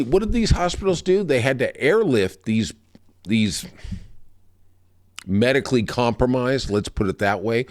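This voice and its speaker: A man hosting a podcast, delivering a heated, profane political rant. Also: medium pitch. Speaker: podcast host. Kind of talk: political commentary monologue.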